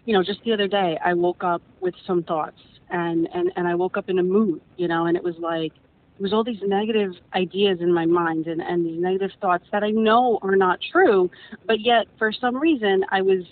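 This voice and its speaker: Woman guest rambling earnestly, tripping over repeats, thin phone-ish sound with a low rumble under it. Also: steady tone, moderate pace. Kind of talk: casual personal storytelling. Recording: tinny phone-like line with faint rumble.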